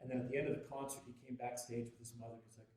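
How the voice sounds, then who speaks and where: A Canadian man giving a lively, jokey workshop talk on music and practice, telling stories and acting out voices. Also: rapid-fire, slight background noise. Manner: animated, jokey, acts out voices with big pitch jumps. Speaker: guest teacher at a music workshop. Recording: very echoey hall, distant mic.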